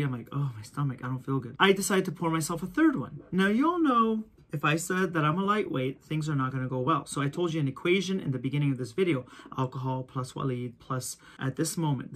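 A male photographer telling a story to camera in a casual, animated way. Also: a little high. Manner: animated, acts out quoted voices. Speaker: photographer and video host.

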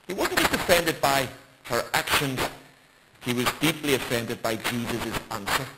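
A man's voice: medium pitch, animated, normal speed, vocal fry. A man preaching a bible study sermon in an emphatic way, with rhetorical questions. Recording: loud background noise.

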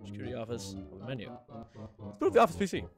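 A man's voice: medium pitch, huge pitch swings, rapid-fire, over music. A man hosting a game playthrough, reading the on-screen text aloud in a chatty, joking way. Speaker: gameplay host. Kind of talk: let's play commentary.

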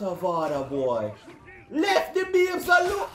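A man's voice: fairly high pitch, wildly swooping pitch, a little slow, fairly bright tone, echoey room, soft background music. A young man giving rowdy, slangy gameplay commentary. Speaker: gaming video creator.

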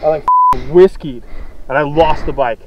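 A man's voice: fairly high pitch, normal speed, highs cut off, very noisy. A man riding with a friend, teasing her about her riding and laughing as he retells it. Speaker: riding partner. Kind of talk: casual chat on the trail.

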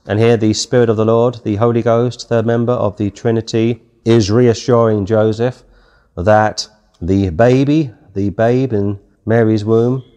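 A man with a British accent leads a Bible study sermon in an easy, conversational way. He moves between chatty asides and aloud readings of old-style scripture. His voice sits at a middling pitch. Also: mellow. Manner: conversational, reads scripture aloud in King James wording. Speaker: Bible teacher.

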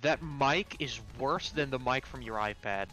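Low dry woman on a headset, wry rambling gamer chat. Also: unhurried, fairly bright tone, faint music behind. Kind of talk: casual gaming chat. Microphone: gaming headset.

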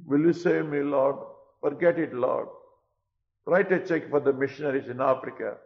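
Preacher doing a sulky king pleading to dodge his vow, low and soft, muffled lo-fi sound. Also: normal speed, gravelly, natural voice. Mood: wheedling, pleading. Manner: wheedling, bargaining, quieter and lower. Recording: dull lo-fi recording.

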